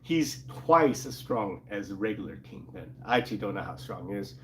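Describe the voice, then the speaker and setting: A man's voice: moderate pace, a little hiss or hum. A man casually recapping a comic book with a co-host, animatedly acting out the characters' lines. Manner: animated, acts out quotes in excited higher voices.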